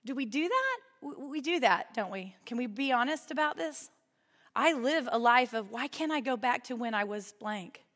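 A woman's voice: fairly high pitch, fairly bright tone. A young woman giving a conversational, humorous sermon to a live audience, often putting questions to them. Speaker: women's ministry speaker. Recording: long hall reverb.

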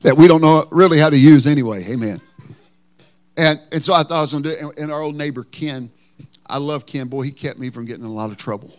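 A man's voice: a little high, fast. A man preaching a sermon as pastor, telling a folksy, joking story.

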